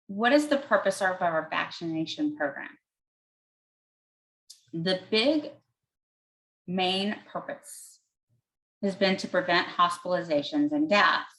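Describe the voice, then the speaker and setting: A woman physician fielding audience questions in a somewhat low voice. She explains things step by step in plain, everyday terms. She pauses on an "um" as she works out her answer. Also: fairly bright tone, rough recording. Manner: thinks aloud with frequent "um".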